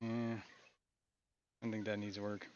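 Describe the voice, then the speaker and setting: A man hosting a casual live stream from his fish room, talking in a relaxed, rambling way with frequent chuckles. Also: fairly low pitch, slow pace, dry recording, highs cut off. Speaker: aquarium stream host.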